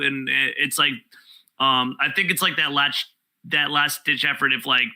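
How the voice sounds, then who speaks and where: A man, a guest comedian telling profane, animated stories in casual podcast chat. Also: mid-range voice, moderate pace, low-quality recording. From New York.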